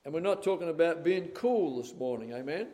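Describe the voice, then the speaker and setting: Older male preacher, emphatic sermon delivery, slightly high voice, long church reverb. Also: expressive, a little fast. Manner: emphatic, rising to loud stresses, calls of "amen?". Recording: reverberant hall.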